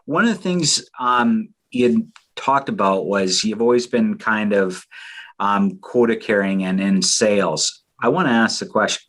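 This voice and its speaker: A man's voice: on the low side, a little slow, fairly bright tone. A man hosting a podcast, asking questions in a casual way with fillers and eager agreement. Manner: thinks aloud with fillers, enthusiastic agreement. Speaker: podcast host. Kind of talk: casual interview talk.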